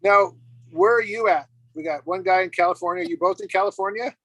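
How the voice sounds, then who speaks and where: A man's voice: high voice, a little fast, a bit bright, no echo, rough recording. An older grandfather chatting casually, giving fatherly advice. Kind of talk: casual chat.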